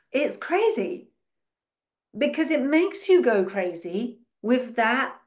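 A woman's voice: fairly high pitch, sing-song, takes it slowly. A woman giving a spiritual teaching monologue. She asks many rhetorical questions and dramatizes how other people think.

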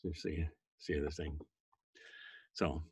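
A voice actor talking casually to a school class, chatty and self-deprecating, with many fillers and bursts of a loud sales voice. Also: male voice, extremely low pitch, fairly even intonation, slow pace, background noise. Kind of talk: casual interview talk.

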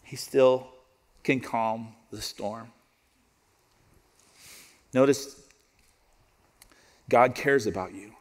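Conversational pastor in a big hall. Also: male voice, medium pitch, extremely slow, long pauses. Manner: conversational, joking preacher who drops to soft prayerful tones. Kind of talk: sermon. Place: church auditorium.

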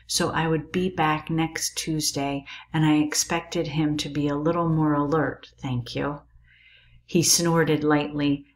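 Female reader, calm and measured; low, flat, unhurried. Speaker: teacher reading aloud. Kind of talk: reading a novel aloud.

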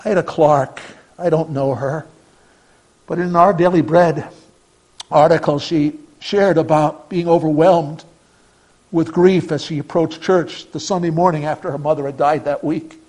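A male pastor delivering a sermon in a notably high voice. He speaks with earnest conviction, pressing hard on key phrases and then dropping almost to a murmur. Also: steady tone, a little slow, rough recording. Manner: earnest preaching, swings from emphatic to hushed.

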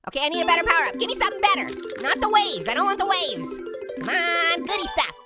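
A hyper cartoon orange squeaks and cackles through a let's-play, bragging and teasing everyone with silly potty jokes. His voice sits very high and swoops wildly up and down. Bouncy game music plays behind him. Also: very animated, fast talker. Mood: giddy, taunting. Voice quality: squeaky, giggling constantly. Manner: goofy, boastful, trash-talking with toilet humor. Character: cheeky hyper male talking orange. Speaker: gamer.

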